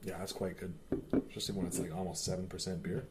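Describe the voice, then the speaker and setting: A man's voice: sits low, flat delivery, fast, heavy background noise. A man co-hosting a casual hobby podcast, teasing his co-hosts and running the talk. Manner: teasing, reads product notes aloud. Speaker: podcast co-host. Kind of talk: casual chat.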